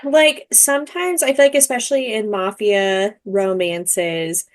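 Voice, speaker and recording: A woman's voice: medium pitch, measured pace. A young woman co-hosting a book podcast, casual and teasing with sarcastic asides. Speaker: podcast co-host.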